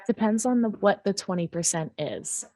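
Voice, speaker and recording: A woman acting as a customer in a sales training role-play, answering in brief, measured replies. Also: medium pitch, animated, warm tone, dry recording.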